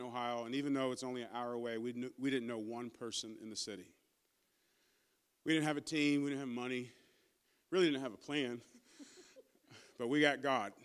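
A male pastor delivers a sermon, emphatic and calling out to his congregation. His voice is medium-pitched, smooth and fairly bright. When emotional, he stumbles over his words, stammering and repeating himself.

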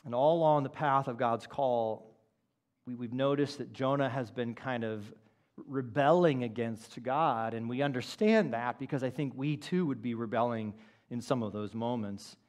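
A male pastor delivers a sermon in a voice of ordinary middle pitch. He swings from loud, emphatic lines down to quiet, low asides. He gives quoted words a dramatic reading. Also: moderate pace. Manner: acts out the prophet's quoted words.

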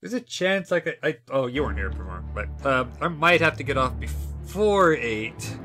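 A man's voice: mid-range voice, big pitch swings, moderate pace, sharp tone, soft background music. Playful giggly young man streaming a game. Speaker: livestreamer. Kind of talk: casual gameplay commentary.

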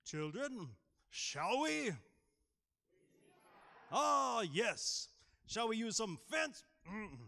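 A man putting on the voice of a fancy, posh grown man with a monocle, using lofty, drawn-out phrasing for children. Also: very high-pitched, big pitch swings, vocal fry, sharp tone, pitched above the performer's own voice, exaggerated voice. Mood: pompous.

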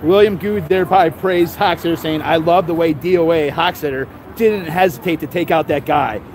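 Guy reading court docs out loud on the street, high pitched, keeps stopping to laugh and mock it. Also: a little hiss or hum. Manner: halting reading with laughing sarcastic asides. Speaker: vlogger. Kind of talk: reading court papers aloud with commentary.

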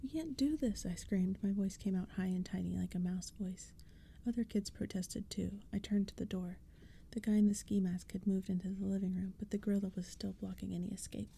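A woman reading a spooky story aloud in a soft, hushed whispered role-play. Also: medium pitch, level tone, fairly quick, creaky, slightly rough. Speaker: ASMR storyteller.

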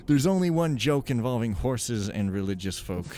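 This let's play comes from a male gaming channel host whose mellow voice sits in the mid-range. He keeps things casual and jokey, switching to a dramatic storyteller's delivery when reading in-game stories aloud.

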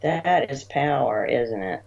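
A woman hosts an interview in a very low voice with a gravelly grain. She speaks slowly and offers her guest warm, affirming replies. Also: animated, dull audio. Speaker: interview host. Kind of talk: casual interview talk.

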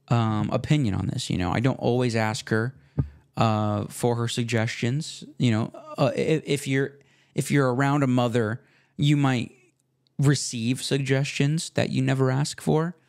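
A young man hosting his own podcast, talking casually in a rambling, self-deprecating way with slang and restarts, relaxed after smoking. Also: mid-range voice, creaky. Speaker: podcast host. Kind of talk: casual solo podcast monologue.

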